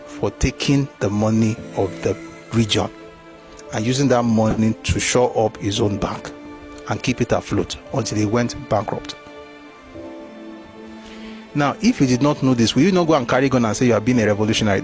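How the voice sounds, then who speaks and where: A man with a Nigerian accent giving opinionated history commentary, animated and rhetorical, reading passages aloud. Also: mid-range voice.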